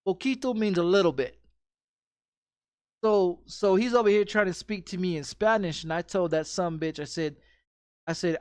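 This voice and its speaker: A man's voice: high-pitched, moderate pace, long pauses, a little mellow, smooth, no room sound. A man telling a rambling story in casual chat, swearing often and repeating himself with frequent restarts. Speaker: streamer.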